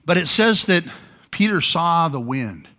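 Animated male preacher with a bright voice. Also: a little high, unhurried. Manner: animated storytelling, acting out quoted lines. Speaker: pastor. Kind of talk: sermon.

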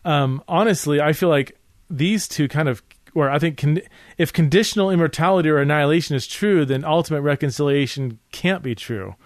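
A man's voice: on the high side, brisk, no echo. A man hosting a podcast, explaining theology in a casual, earnest monologue full of fillers and restarts. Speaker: podcast host teaching theology. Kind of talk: casual spoken teaching monologue.

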